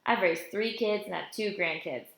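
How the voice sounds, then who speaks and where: A woman's voice: medium pitch, normal speed, gravelly, a bit bright. A woman reading the part of a joking, fatherly older man who drives a car, in a storybook reading. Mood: teasing. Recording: roomy echo.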